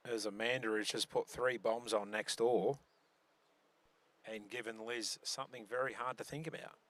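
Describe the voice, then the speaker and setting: A man's voice: medium pitch, steady tone, normal speed, a bit bright. A man commentating a bowls live stream, chatty and joking, with many restarts.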